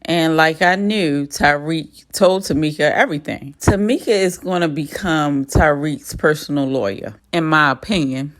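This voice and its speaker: A woman's voice: deep voice, moderate pace, hardly any pauses. A woman recapping a TV episode in a casual, blunt, profane style. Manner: blunt, profane, gossipy retelling.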